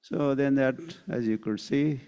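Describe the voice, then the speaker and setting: A man's voice: medium pitch, fairly even intonation, warm tone, clean tone. A man giving a scripture lecture as a spiritual teacher, telling a story and acting out the quotes. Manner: slow, unhurried storyteller who acts out quotes. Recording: long hall reverb.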